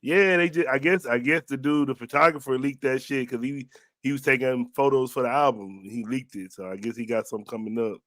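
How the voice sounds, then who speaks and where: A man hosting a casual podcast interview, telling stories in a relaxed, slangy way and often trailing off quietly. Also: medium pitch, a little fast, no room sound. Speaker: podcast host.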